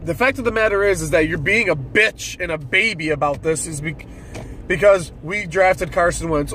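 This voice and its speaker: A man with a very high voice delivers an irritated, profanity-laced rant about his football team. He talks like a fed-up fan, restarting sentences as his frustration builds. Faint traffic hums behind him. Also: lively intonation, moderate pace, a bit bright. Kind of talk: solo sports rant.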